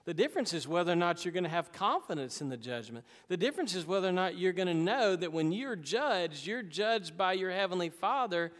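A man's voice: sits high, lively intonation, a little fast, hardly any pauses. Male pastor, emphatic sermon voice with folksy asides, long church reverb. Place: church sanctuary.

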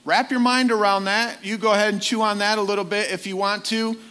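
A man's voice: high-pitched, fairly even intonation, fairly quick, bright, forceful tone, clean tone. A man preaching a sermon in a conversational way, often putting direct questions to his listeners.

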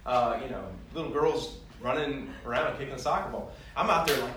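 A man giving a sermon in a conversational, self-deprecating way, growing animated as he tells personal stories. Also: fairly high pitch, brisk, hardly any pauses, slight background noise. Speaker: pastor. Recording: echoey room heard from a distance.

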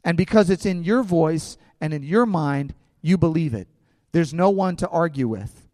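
A man with a fairly high voice preaches with conviction, asking his listeners questions as he goes. His words ring out with a long reverb, as if in a large hall, though the voice itself stays close to the mic. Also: expressive, normal speed, mellow. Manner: impassioned preaching with rhetorical questions. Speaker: pastor. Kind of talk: sermon.

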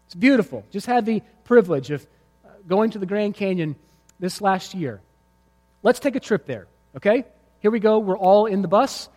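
A man with a notably high voice preaches a sermon in a church sanctuary. His words ring out with a long, lingering hall reverb. He tells vivid stories and drives his points home with emphatic repetition. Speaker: pastor. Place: church sanctuary before a congregation.

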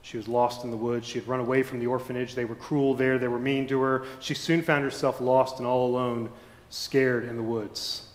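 A male pastor preaching a sermon in a church, dramatic and shifting between fervent and hushed. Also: medium pitch, little pitch movement, moderate pace. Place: church sanctuary. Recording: echoey church hall.

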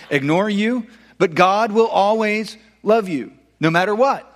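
A man preaching a sermon earnestly, building to emphatic peaks and easing into soft, low endings. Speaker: pastor. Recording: long hall reverb.

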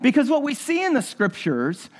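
A man's voice: very high-pitched, wildly swooping pitch, moderate pace. A man preaching a sermon as pastor, earnest and talking straight to the congregation, often repeating his phrases.

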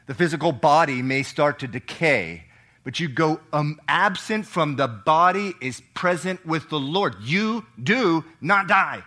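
A middle-aged man preaching a sermon, swinging between loud, emphatic lines and hushed, soft reading, and asking the congregation questions. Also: fairly high pitch, lively intonation, a little slow. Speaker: pastor.

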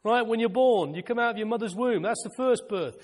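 A male preacher delivering a fervent sermon, repeating phrases for emphasis and sometimes shouting with excitement. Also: high voice, brisk, in a large hall.

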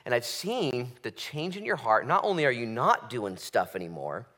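A man preaching a sermon as pastor, acting out quick quoted voices and swinging from loud outbursts to hushed lines. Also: medium pitch, very animated. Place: church sanctuary.

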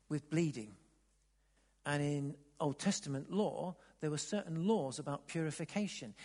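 A man preaching a sermon, dropping to near-whispers, then rising to loud emphatic bursts, often repeating words as he restarts. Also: a little high, breathy edge. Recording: long reverb of a large hall.

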